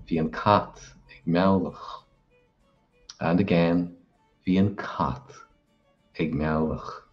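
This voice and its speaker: Deep voiced guy teaching vocab real slow, says every word twice, kinda dull sound, soft music under it. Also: steady tone. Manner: slow, deliberate, repeats each word. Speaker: language teacher. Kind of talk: language lesson with repeated pronunciations.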